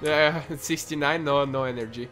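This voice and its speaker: A British man hosting a casual game session with friends, playful and quick to giggle and joke. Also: on the high side, steady tone, music in the background. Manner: playful, giggly, jokes around. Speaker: host playing a game with friends. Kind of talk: casual gaming chat.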